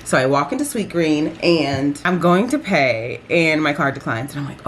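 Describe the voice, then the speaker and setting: Chatty low-voiced young woman vlogger. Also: moderate pace, slight background noise. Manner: animated, chatty, lots of fillers. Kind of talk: casual storytelling vlog.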